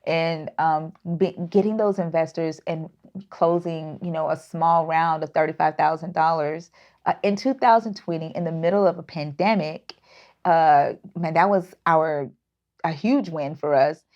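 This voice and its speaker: A woman's voice: low-pitched, unhurried, darkish tone. Founder woman, lo-fi sound. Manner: earnest, with frequent fillers and restarts. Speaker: startup founder and guest. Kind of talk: casual interview talk. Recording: dull lo-fi audio.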